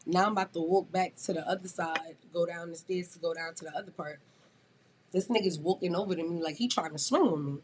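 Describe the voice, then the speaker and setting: A woman's voice: lowish voice, fast talker, slight background noise. Blunt, profane woman telling a story. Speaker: podcast guest. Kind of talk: casual storytelling.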